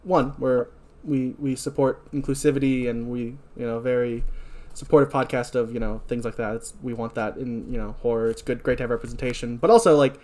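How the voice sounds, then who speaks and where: A man co-hosting a podcast, recapping an episode in casual chat, reading out dialogue and breaking into heated asides. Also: mid-range voice. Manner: reads episode notes and quotes dialogue flatly between asides; gets heated and fast when ranting. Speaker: podcast co-host.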